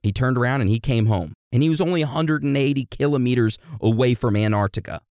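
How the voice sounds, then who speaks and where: Here a man talks fast in a medium-pitched, slightly mellow voice, with clean studio sound and no room noise. Treating his listeners like a class, he explains history as a crude, cheeky comedy routine stuffed with slang and cursing.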